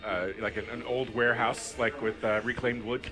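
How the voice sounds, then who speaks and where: A man's voice: mid-range voice, level tone, normal speed. A man co-hosting a casual podcast chat in a pub, joking and teasing. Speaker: podcast co-host. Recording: pub with clear background music.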